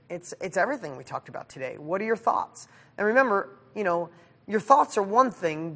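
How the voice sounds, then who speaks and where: A man runs a live motivational Q&A from his studio, energetic and emphatic. He keeps it casual and sometimes swears as he pushes his listeners. He speaks with real drive and answers questions as they come in. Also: sits high. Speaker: success coach hosting a monthly live session.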